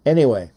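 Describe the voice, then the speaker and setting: A man's voice: mid-range voice, creaky, mellow, husky. A man hosting a casual live call-in sports show, rambling and repetitive as he reads out phone numbers.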